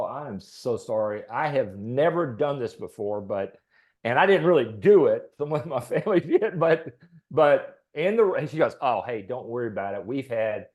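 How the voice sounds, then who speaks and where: A middle-aged man from Texas talks as a podcast guest, telling an everyday story in a loose, rambling way. His voice sits at an ordinary pitch, and he pads his sentences with fillers and soft chuckles. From Texas, USA. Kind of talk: casual storytelling.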